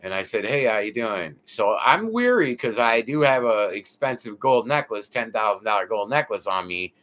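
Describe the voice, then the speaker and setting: An American man tells his story as an interview guest, in a voice of ordinary middle pitch. He talks in a lively, casual way, swearing freely and dropping filler asides as he goes. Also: normal speed. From United States. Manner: animated, profane, lots of filler asides.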